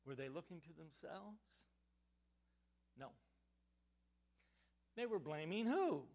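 Emphatic preacher with lively pitch. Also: male voice, takes it slowly. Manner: rhetorical questions, swings between loud emphatic and hushed. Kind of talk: sermon.

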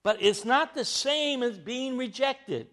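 A man's voice: very high-pitched, expressive, slow pace, a bit bright. A man preaching a sermon, teaching from scripture in an emphatic way, with frequent rising bursts of emphasis.

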